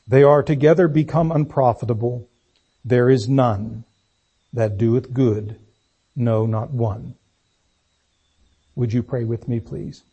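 A man preaching a sermon, reading scripture and praying in a deliberate, emphatic way. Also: medium pitch, mellow, husky, muffled recording. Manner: slow, deliberate, emphatic delivery.

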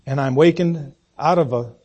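A man in his sixties, a pastor preaching a folksy, self-deprecating sermon with halting restarts. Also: fairly high pitch, darkish tone, slightly rough. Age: 60s.

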